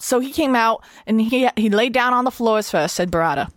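A woman with a thick Boston accent co-hosts a casual chat and reads reports aloud in a playful way. Her voice sits a little high, and the recording is dry and close. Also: lively intonation, moderate pace, dry recording. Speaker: co-host.

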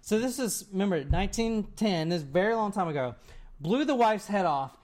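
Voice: mid-range voice, expressive, brisk, darkish tone. A person telling a story to friends in a casual, rambling way, with many "like"s and "right?"s.

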